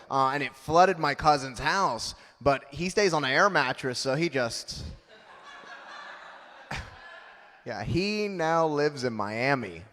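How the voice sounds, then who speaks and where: A man's voice: a little high, bright, forceful tone, in a large hall. A man in his thirties doing a punchy, self-mocking stand-up comedy set on a club stage. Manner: punchy, self-mocking delivery with acted-out quotes.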